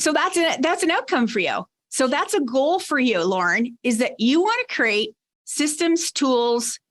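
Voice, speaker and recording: Measured woman giving leadership advice. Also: a little high, fairly bright tone. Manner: measured, explanatory. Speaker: podcast guest, leadership advisor. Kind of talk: conversational advice.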